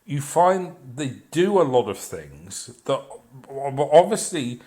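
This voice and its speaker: A man's voice: medium pitch, big pitch swings, slow, mellow. A man ranting in a blunt, profane and sarcastic way, rambling with restarts and filler as he reviews a show. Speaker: video reviewer. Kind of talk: unscripted rant.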